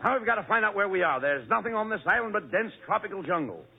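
Gravelly, bossy radio straight man. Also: high-pitched, sing-song. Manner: brisk, bossy straight man giving orders. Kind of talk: 1940s radio comedy acting. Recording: tinny old radio broadcast with audience laughter.

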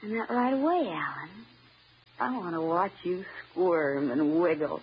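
A woman playing an unhinged, vengeful escaped wife who taunts her husband slowly and menacingly, in old-time radio drama style. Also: lowish voice, expressive. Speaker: escaped asylum patient wife. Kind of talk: 1940s radio acting. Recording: dull old radio broadcast, faint hiss.

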